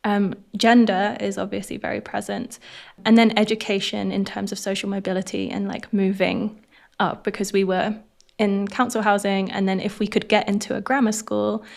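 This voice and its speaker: A woman's voice: medium pitch, creaky. Woman with a posh English accent. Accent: posh southern English. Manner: earnest, animated, laughs often. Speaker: podcast guest. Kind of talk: reflective interview conversation.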